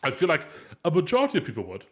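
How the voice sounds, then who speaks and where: A man's voice: on the high side, huge pitch swings, racing. A man hosting a casual live podcast, his voice congested and nasal-sounding. He rambles playfully, stumbling and restarting as he puts questions to his guests. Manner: rambling, self-correcting, playful. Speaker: podcast host.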